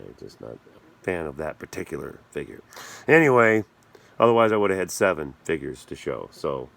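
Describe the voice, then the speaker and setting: A man hosting a casual vlog about his action figures, rambling and joking and often losing his train of thought. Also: low voice. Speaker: channel host reviewing toy action figures.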